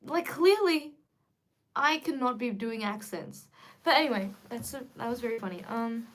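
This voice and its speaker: A young woman chatting casually to viewers on a livestream, lively and quick to react. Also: on the high side. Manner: chatty and animated, switching between English and Korean. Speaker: livestream host.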